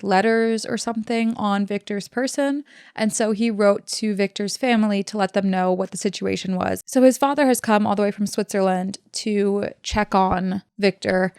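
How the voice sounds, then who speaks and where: A young woman podcast host retells a classic novel in a loose, irreverent chat full of slangy asides. Her voice is gravelly with fry yet smooth and resonant, and it sounds dry and close to the mic. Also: mid-range voice, dry recording. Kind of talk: casual book-report retelling.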